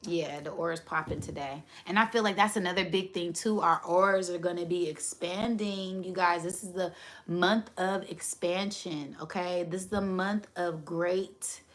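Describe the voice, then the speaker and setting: Animated woman chatting on a spiritual livestream. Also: lowish voice, moderate pace. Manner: animated, laughs often, says right a lot. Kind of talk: casual livestream chat.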